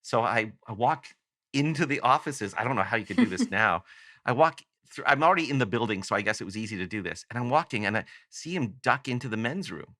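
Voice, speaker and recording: A man's voice: medium pitch, expressive, fast, bright, forceful tone, dry recording, studio quality. A man from Canada, a guest on a podcast, telling a long rambling anecdote that is full of self-corrections. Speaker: guest author. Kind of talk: casual podcast storytelling.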